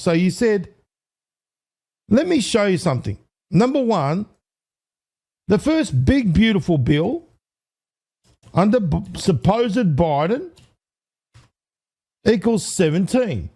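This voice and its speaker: A man hosting an online commentary video, talking excitably to viewers, counting aloud and correcting himself as he goes. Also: high voice. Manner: excitable, addresses viewers as ladies and gentlemen. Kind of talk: casual commentary to camera.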